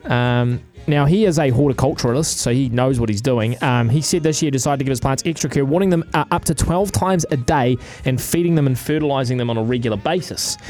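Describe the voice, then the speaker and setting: A man's voice: mid-range voice, brisk, hardly any pauses, darkish tone, soft background music. A man with an Australian accent, reading quirky news stories on air in a casual, jokey way, full of fillers. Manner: chatty, jokey, lots of fillers. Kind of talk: casual radio banter. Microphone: studio microphone.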